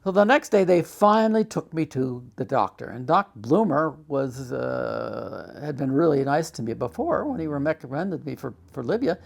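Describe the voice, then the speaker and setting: An older man telling his life story for a documentary, halting and full of restarts. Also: on the high side, animated, vocal fry. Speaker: documentary interviewee. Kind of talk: personal storytelling.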